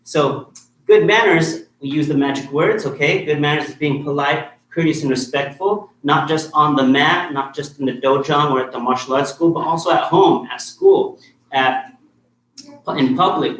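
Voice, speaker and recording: A man's voice: fairly high pitch, normal speed, fairly bright tone. A man teaching a kids' martial arts class, firm and encouraging, checking in with "okay?" after nearly every point. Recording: echoey room with faint noise.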